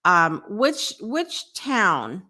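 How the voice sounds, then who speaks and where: A woman's voice: medium pitch, very animated, drawn-out words, bright, forceful tone. A woman hosting a live morning talk show, chatting in an upbeat way and reading out viewer comments.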